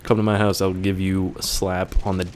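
Low-voiced young man reading viewer questions. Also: flat delivery, moderate pace, slight background noise. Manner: joking, offhand, swears casually. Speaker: YouTuber answering viewer questions. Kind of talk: casual Q&A, reading questions aloud.

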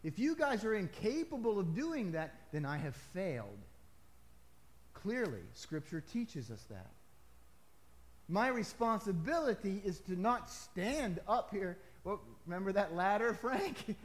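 Male pastor, somewhat high voice, conversational sermon with sudden emphatic lifts. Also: sing-song, unhurried. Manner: conversational preaching with emphatic rises and asides.

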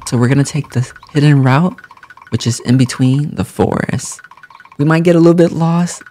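A young man doing lively game commentary, laughing often and jumping high in pitch when excited. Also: normal speed. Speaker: gaming YouTuber.

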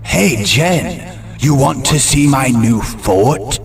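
A man's voice: medium pitch, animated, takes it slowly, vocal fry, voice pushed up. A man voicing a creepy boy who coaxes a girl along, speaking eagerly over music in a horror story reading. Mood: coaxing.

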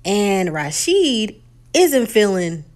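A woman's voice: mid-range voice, drawn-out words. A woman, casually recapping a reality dating show and acting out the quotes with laughter. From Texas. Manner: animated retelling, acts out quotes, laughs.

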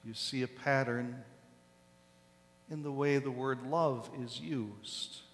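Slow, deliberate pastor in an echoing church. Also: male voice, medium pitch. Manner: slow, deliberate preaching with emphatic stresses. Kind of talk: sermon. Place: large church sanctuary. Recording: long echo of a church hall.

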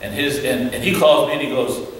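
A man giving an animated storytelling talk as a guest speaker at a church, acting out the voices in his stories. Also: mid-range voice, a little fast, a little hiss or hum. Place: church hall. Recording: echoey hall from far off, faint ambience.

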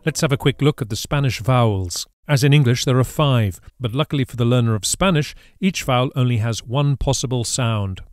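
In clean studio sound with no room echo, a man with a mid-range voice narrates a scripted Spanish lesson. He explains patiently and says each example word carefully, giving clear model pronunciations.

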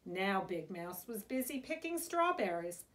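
A woman's voice: medium pitch, sing-song, measured pace, a bit bright. A woman, a preschool teacher, reading a picture book aloud to young children in a sing-song storytime manner.

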